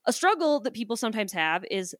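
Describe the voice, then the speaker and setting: A woman co-hosting a podcast in casual chat, telling animated stories and acting out the people in them, with some casual swearing. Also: on the high side, fast, no echo, studio quality. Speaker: podcast co-host.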